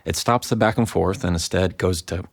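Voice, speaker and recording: A man in his thirties with a very low voice explains communication as a podcast guest. He acts out both sides of arguments in lively quoted voices. The sound is dry and close. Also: moderate pace, no echo. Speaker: guest, lawyer and communication coach. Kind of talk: explaining in an interview.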